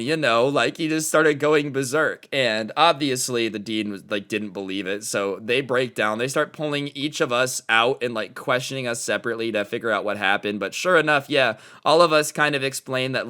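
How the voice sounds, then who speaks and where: A young man telling a school story in a casual, slangy, animated way. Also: mid-range voice, clean tone. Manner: slangy, animated, lots of "dude" and "like". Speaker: storytime channel host.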